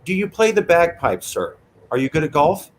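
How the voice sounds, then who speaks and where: A man's voice: a little high, big pitch swings, moderate pace, a little hiss or hum. Chatty joking male interview host. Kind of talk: casual interview chat.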